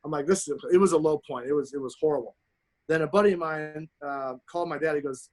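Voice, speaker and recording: A man in his forties, a pro golfer telling profane, animated stories as a podcast guest. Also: a little high, fast talker. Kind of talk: casual storytelling.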